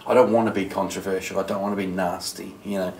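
A man with a lowish voice, a comedian telling stories in a relaxed interview. He rambles with many fillers and acts out voices. He sounds set back from the mic in a roomy space, with faint noise behind. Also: quick pace, vocal fry, far from the mic. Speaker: comedian guest. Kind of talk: casual interview chat.

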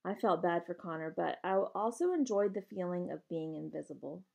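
A woman reading a novel aloud in steady first-person narration, with casual asides to her listeners. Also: lowish voice, fairly quick, creaky, lo-fi sound. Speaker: reader.

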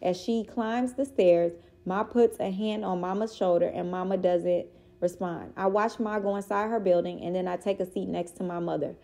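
A woman reading a children's chapter book aloud in a steady, expressive way. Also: lowish voice, moderate pace, creaky. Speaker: reader.

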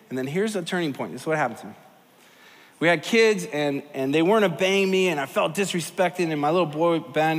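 Middle-aged male pastor, sermon, fairly high voice, animated storytelling, long hall reverb. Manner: animated, storytelling with swings from soft to loud. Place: large church hall.

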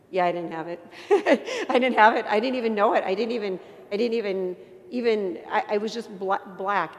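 A woman giving an earnest, emotional faith testimony to an audience, with self-deprecating humor and halting restarts. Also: medium pitch. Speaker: inspirational speaker. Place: church. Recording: long church reverb.

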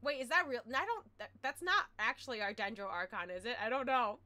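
High, lively-voiced woman streamer. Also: fairly quick. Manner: excitable, exclaims and complains loudly. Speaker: game streamer. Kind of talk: casual live-stream chat. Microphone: headset.

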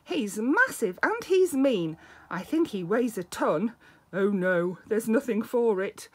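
A woman reading aloud and voicing a small, boastful male monster who wants to sound gruff and scary. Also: fairly high pitch, big pitch swings, takes it slowly, heavily acted. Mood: frightened.

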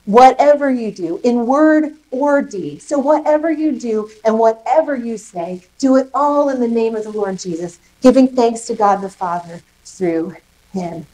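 A woman pastor preaching a sermon, lively and emphatic, putting questions to the congregation. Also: on the high side, unhurried, low-quality recording. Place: church service in a rec center.

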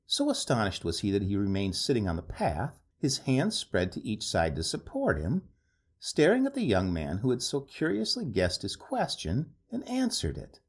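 Expressive male storyteller, husky voice. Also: fairly low pitch, moderate pace. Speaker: narrator. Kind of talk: storybook narration.

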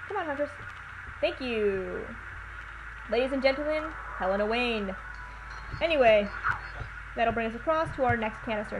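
A woman talks through a video game in a loose, chatty way, tossing out playful jokes as she goes. Her voice sits a little high. A steady hiss of background noise runs under the recording. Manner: playful, chatty, joking asides. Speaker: let's play commentator. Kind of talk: casual gameplay commentary. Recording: noisy home recording with hiss.

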